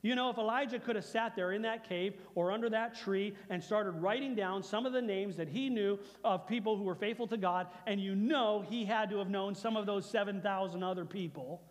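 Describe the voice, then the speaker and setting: Pastor guy preaching, high voice, chatty and repeats himself, big hall echo. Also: fairly quick, few pauses. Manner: conversational preaching, repeats phrases, acts out God's lines softly. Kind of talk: sermon.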